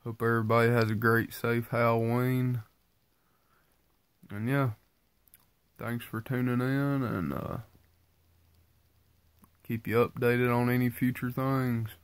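A man's voice: little pitch movement, takes it slowly, long pauses, clean tone, no echo. A tired man with a congested, stuffy voice from sinus trouble gives a casual, rambling update to his viewers. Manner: tired, low-key and rambling. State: tired from just waking up. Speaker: vlogger giving a weight-loss update.

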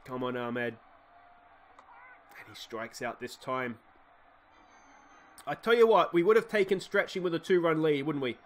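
An Australian man giving excitable play-by-play commentary on a baseball sim game, swinging from muttered asides to shouted cheering at a desktop microphone. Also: mid-range voice, normal speed. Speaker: let's play host.

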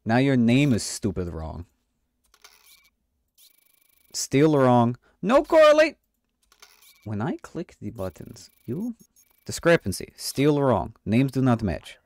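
A man's voice: mid-range voice, wildly swooping pitch, slow, long pauses, dry recording. Playful man streamer, dry close sound. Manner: playful, jokey mock-official inspector banter with swearing; puts on a mock foreign accent. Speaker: game streamer. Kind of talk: comedic let's play commentary.

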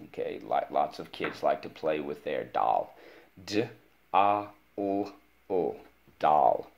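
Male teacher, very low voice, patient and encouraging, drills spelling words with a young student. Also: a little slow, vocal fry, lo-fi sound. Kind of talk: spelling lesson for a child.

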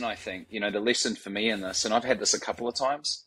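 A man's voice: lowish voice, quick pace, pushed and bright, slightly rough, poor audio. A man, telling stories as a guest in a casual interview, swearing freely and acting out the voices of the people he quotes. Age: 40s. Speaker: guest, startup founder.

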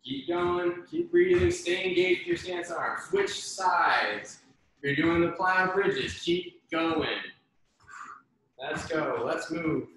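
A man leading an online workout class over a video call, giving brisk, encouraging cues and counting down reps. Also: a little high, big pitch swings, fairly bright tone. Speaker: fitness instructor. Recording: very echoey room, faint noise.

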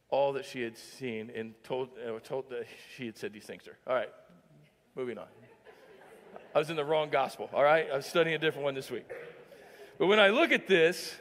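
A man's voice: fairly high pitch, a bit bright, long reverb tail. A man preaching a sermon as pastor, joking with the congregation and often asking "all right?". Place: church sanctuary.

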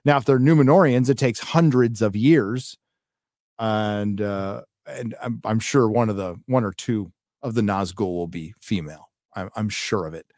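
A man's voice: lowish voice, moderate pace, darkish tone, no room sound, clean studio sound. A middle-aged man hosting a live stream, chatting casually and reading out donations in a rambling, profane way. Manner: rambling, profane, with many fillers.

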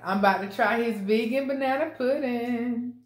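Woman, eating-show host, playful, slightly high, echoey room. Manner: playful, laughing, drawn-out mmm sounds while eating. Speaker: mukbang host. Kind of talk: casual eating show chat.

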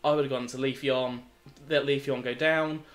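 A man's voice: medium pitch, fairly even intonation, moderate pace, soft background music. A man commentating his own competitive game battle, thinking aloud and turning exasperated and self-critical at his mistakes. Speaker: gaming video host.

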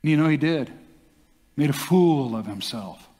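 An older man, a pastor, telling a story in a sermon with animated delivery and acted-out quotes. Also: fairly high pitch, moderate pace. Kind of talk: sermon testimony. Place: church hall. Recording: long hall reverb.

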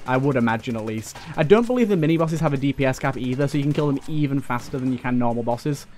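A man's voice: medium pitch, lively intonation, fast talker, a little mellow. A young man giving casual let's play commentary, chatty and jokey, swearing and talking to enemies as he plays.

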